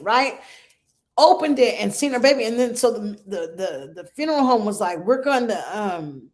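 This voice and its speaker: A woman's voice: a little high, expressive, normal speed. A middle-aged woman hosting a support group for grieving mothers, telling a story in an earnest, emotional way and often checking in with "right?" and "okay?".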